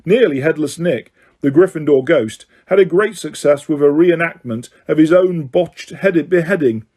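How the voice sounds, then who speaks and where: A man's voice: a little high, normal speed. A man narrating a novel as an audiobook, reading steadily with the odd stumble. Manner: steady reading, occasional slips. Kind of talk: scripted narration.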